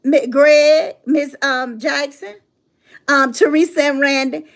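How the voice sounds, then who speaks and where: A woman's voice: high voice, steady tone, takes it slowly. A middle-aged woman talking casually to her audience in a sassy, emphatic way, laughing often and repeating herself for effect. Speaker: motivational speaker and channel host. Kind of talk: casual livestream monologue.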